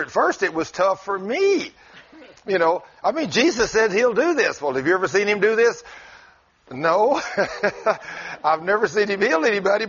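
A man who preaches, telling a story in easy conversation, folksy and chuckling through it. His voice sits a little high for a man. The recording is dull and lo-fi. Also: a bit bright, slightly rough.

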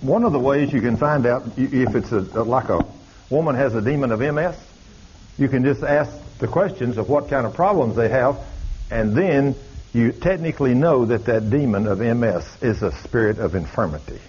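A man's voice: mid-range voice, moderate pace, darkish tone, slightly rough. A man preaching, telling a story in a folksy, dramatic way. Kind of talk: sermon storytelling. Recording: dull lo-fi recording.

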